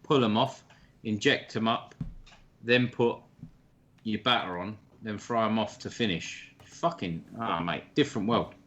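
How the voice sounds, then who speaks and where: A man's voice: fairly low pitch, a little slow, fairly bright tone, dull audio. A man chatting casually on a livestream, swearing freely in blokey banter. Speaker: stream co-host. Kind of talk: casual chat.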